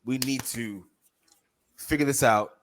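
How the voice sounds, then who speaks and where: A man co-hosting a podcast, telling a story in casual chat, profane and heated, animated as he goes. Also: mid-range voice, takes it slowly, slight background noise. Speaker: podcast co-host.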